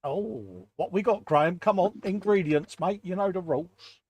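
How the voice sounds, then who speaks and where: Hosting a relaxed live stream, a British man chats away and welcomes each viewer by name, calling them all mate. His voice sits high with a darkish tone, animated and moderately paced.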